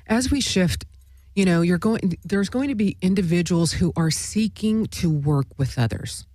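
Slow, mellow-voiced woman talk show host. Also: fairly low pitch, lively intonation, dry recording, studio quality. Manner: meandering, full of "you know" and "right?". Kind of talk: spiritual talk show monologue.

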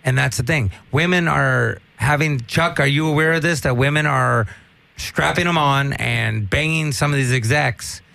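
A man tells crude, rambling stories in a loose comic podcast chat. His voice has a rough, gravelly edge. The sound is dry and close to the mic. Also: medium pitch, normal speed, pushed and bright, dry recording. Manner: rambling, profane, storytelling. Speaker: comedian guest.

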